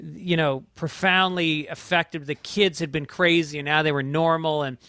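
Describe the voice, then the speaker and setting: A man as a comedian guest in casual chat, thinking out loud and correcting himself. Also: a little high, fairly even intonation, normal speed, smooth, no echo, studio quality. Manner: thoughtful, correcting himself as he talks.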